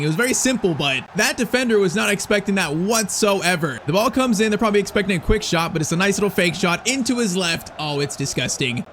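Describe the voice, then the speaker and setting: A young man giving casual, excitable live commentary on his own football video game match, with slang and outbursts at big plays. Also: high voice, slight background noise. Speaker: gaming YouTuber.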